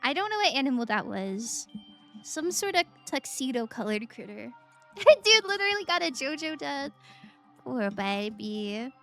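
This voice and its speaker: A woman's voice: sits high, very animated, moderate pace, vocal fry, pushed and bright. Giggly, emotional woman streamer. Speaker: game streamer. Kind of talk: let's play commentary. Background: faint game music.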